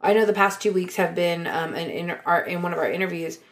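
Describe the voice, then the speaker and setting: A woman's voice: on the low side, fast talker. Chatty woman podcast co-host. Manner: chatty, rambling, frequent fillers. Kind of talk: casual chat.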